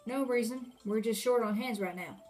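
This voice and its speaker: A woman's voice: a little high, moderate pace, a little mellow, faint music behind, natural voice. A woman voicing a swaggering male cowboy police officer with a put-on Texan drawl and folksy sayings.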